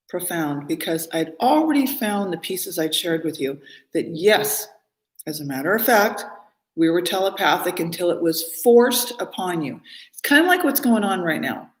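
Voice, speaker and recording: A woman's voice: on the low side, expressive, measured pace. Rambling woman live-streaming in a roomy space. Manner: rambling, emphatic, repeats words. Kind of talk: casual live stream monologue. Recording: roomy echo.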